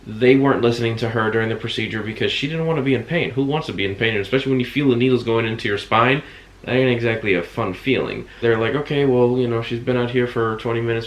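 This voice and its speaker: A man casually retelling a hospital visit, acting out other people's words. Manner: animated retelling, acts out quotes with sudden high shouts. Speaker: vlogger recounting a hospital visit. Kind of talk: casual storytelling. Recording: echoey room.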